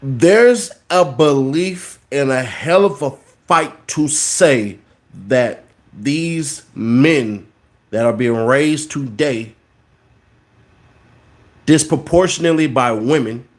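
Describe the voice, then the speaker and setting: A man's voice: medium pitch, slow pace, long pauses. A man in his thirties hosting a podcast, giving a casual, preachy monologue and repeating words for emphasis. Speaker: podcast host.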